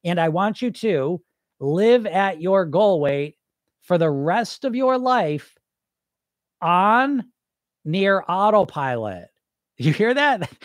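A man's voice: high voice, no room sound, studio quality. A man hosting a weight loss podcast, talking bluntly and emphatically, often laughing and mimicking what dieters say. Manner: blunt and emphatic, with frequent laughs and mock-quoted voices. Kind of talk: casual podcast monologue.

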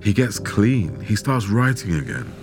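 A man telling a true story in measured, dramatic scripted narration, with rhetorical questions. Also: on the low side, big pitch swings. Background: background music.

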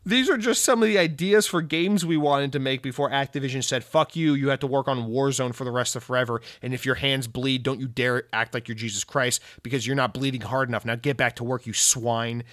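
A man's voice: mid-range voice, fairly even intonation, a little fast, few pauses, fairly bright tone, natural voice. A man putting on the voice of overworked male game developers who speak eagerly and in an aggrieved way.

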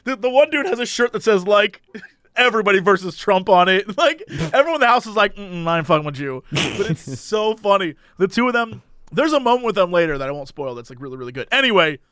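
A high-pitched man talks in an easy, animated way, jumping into voices as he retells scenes. The sound is dry and close, with almost no room around him. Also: fast, no room sound. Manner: animated storyteller, acts out quotes in voices. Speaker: podcast co-host. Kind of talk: casual chat recapping a reality show.

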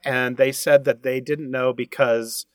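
A man as a podcast guest recounting events in a relaxed, halting way. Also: mid-range voice, no room sound. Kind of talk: casual storytelling.

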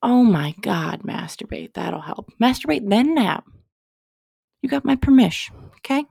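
A woman's voice: fairly high pitch, lively intonation, measured pace, vocal fry, a little mellow, husky, dry recording, studio quality, voice pushed up, exaggerated voice. A woman putting on the voice of a doting motherly figure who coos pet names and coaxes you to rest. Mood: cooing. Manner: cooing, pet names, bossy-tender. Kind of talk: playful mothering bit.

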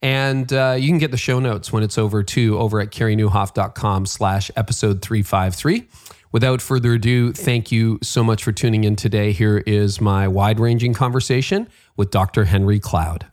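A man's voice: fairly low pitch, steady tone, moderate pace, darkish tone. A Canadian man hosting a leadership podcast, chatty and upbeat, laughing at himself now and then. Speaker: podcast host. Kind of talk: conversational podcast hosting with read ads.

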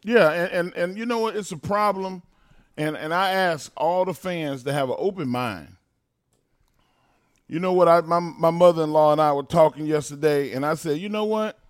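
A man with a slightly high voice talks fast and preachy, working himself up into loud bursts. The sound is close and dry, with no room around it. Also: no echo. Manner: fired-up, preachy, bursts into loud animated rants. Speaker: podcast co-host. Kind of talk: casual chat.

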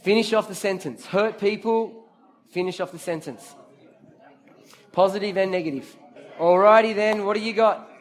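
A man delivers a sermon in a voice pitched a touch high for a man. He is lively and talks straight to the crowd, drawing answers out of his listeners and repeating his points for emphasis. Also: moderate pace, long pauses. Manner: repeats key phrases for emphasis. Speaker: preacher leading a youth group. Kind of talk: interactive sermon.

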